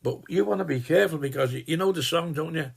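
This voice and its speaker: An old man playing Jim Royle, gravelly and husky. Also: fairly high pitch, fast, heavily acted. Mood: jokey. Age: 80s. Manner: rambling and chatty, swears casually, trails off and restarts. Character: gruff, cheeky old working-class dad, all-knowing boaster. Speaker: sending a personalized Christmas video greeting. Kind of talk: rambling in-character comic monologue.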